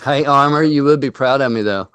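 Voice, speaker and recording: A man's voice: mid-range voice, a little fast, fairly bright tone, clean tone, no room sound. A man hosting a casual chat from a home under renovation, rambling along with frequent fillers and laughs. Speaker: host.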